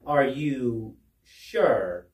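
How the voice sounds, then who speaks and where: A man voicing a stern male school principal with a low, slow, deliberate way of questioning, recorded in a roomy space. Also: animated, darkish tone, distant mic. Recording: roomy, away from the mic.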